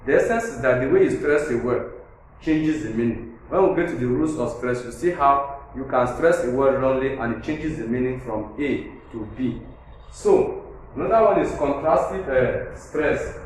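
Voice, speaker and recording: A man's voice: mid-range voice, animated, normal speed. A male teacher with a Nigerian English accent, giving a grammar lesson and explaining points with repetition, counting syllables aloud and checking that his students follow. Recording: echoey room with faint noise.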